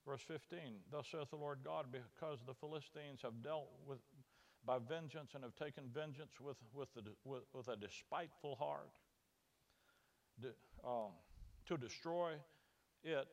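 A man preaching an expository Bible sermon, animated, often repeating words and acting out God's voice in folksy paraphrase. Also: mid-range voice, unhurried.

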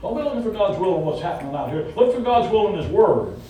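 Folksy Southern preacher in a booming hall. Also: male voice, big pitch swings, fast talker, mellow. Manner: folksy, emphatic, joking asides. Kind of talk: conversational sermon. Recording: echoey hall from far off with faint rumble.

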